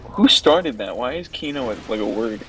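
A man's voice: medium pitch, lively intonation, normal speed, fairly bright tone, soft background music, rough recording. A young man chatting as a guest during a gameplay session, teasing his co-host with dry jokes. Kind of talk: casual gameplay banter.

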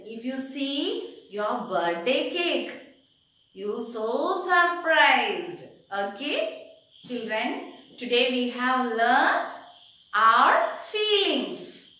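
Woman, kindergarten teacher; slow sing-song coaxing delivery; recorded off-mic in a very reverberant room. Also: high voice, pushed and bright, far from the mic. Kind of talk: slow recorded online lesson for small children.

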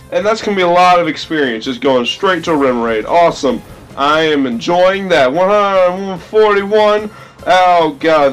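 A man hosting a game let's play, with goofy, excitable commentary full of silly sound effects. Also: on the high side.

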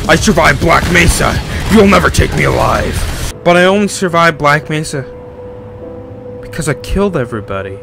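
A man narrates his own playthrough with panicky, excitable energy, his voice sitting a little high for a man. He yells and repeats himself when things go wrong. Game music plays clearly underneath him. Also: moderate pace. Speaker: gamer. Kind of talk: let's play commentary.

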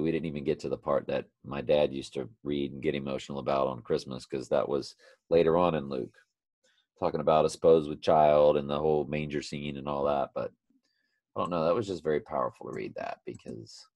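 A man's voice: very deep voice, fairly quick, creaky, dry recording. A man hosting a daily Bible study, reading scripture aloud and breaking off for earnest, off-the-cuff remarks to his listeners. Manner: reads aloud, then adds off-the-cuff remarks; earnest, addresses listeners as folks and y'all.

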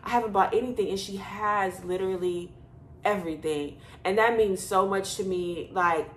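A woman's voice: medium pitch, moderate pace, roomy sound, a little hiss or hum. A woman, chatting casually to camera in her apartment as a vlogger, telling stories with lots of fillers. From Houston, Texas. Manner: chatty storyteller, many fillers. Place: bedroom apartment indoors.

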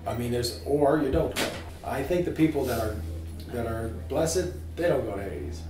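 A man teaching a small group about scripture, informal and animated, asking his listeners questions. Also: medium pitch, normal speed, reverberant, distant mic, background noise. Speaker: priest teaching a catechism class.

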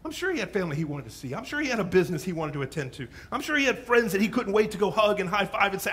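A male pastor preaching a sermon in church, telling the story dramatically, swinging from loud bursts to hushed asides. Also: high-pitched, very fast, hardly any pauses. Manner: animated storyteller, dropping to hushes.

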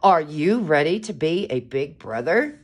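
A woman voicing a motherly hen in a storybook, speaking in a gentle, coaxing way. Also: low voice, sing-song, unhurried, husky, exaggerated voice.

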